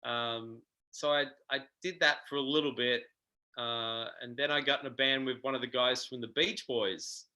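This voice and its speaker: A middle-aged Australian man telling stories as a guest in a casual interview, animated and full of ums. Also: mid-range voice, moderate pace, rough recording. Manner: animated, acts out quoted voices, frequent ums. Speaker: guest guitarist.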